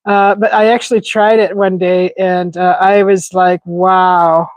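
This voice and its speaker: A woman's voice: mid-range voice, flat delivery, normal speed, a little mellow, no echo, low-quality recording. A woman hosting a casual livestream, chatting to viewers in a loose, giggly way with lots of restarts. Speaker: livestream host. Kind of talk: casual live chat with viewers. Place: outdoors in a desert yard.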